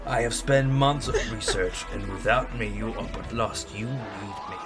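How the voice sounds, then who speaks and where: A grandiose, scheming villain, as a man puts him on speaks with pompous theatrical flair. He talks down to everyone and stays self-important throughout the tabletop game. Music plays clearly behind him. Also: fairly low pitch, normal speed, pitched below the performer's own voice, lightly acted.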